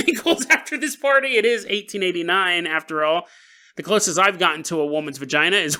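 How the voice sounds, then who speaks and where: A male podcast host telling a paranormal tale as comedy. He talks to the listener with lots of laughs and asides. His voice is bright and bounces all over the place. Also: sits high. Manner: animated, laughing, jokes to the listener.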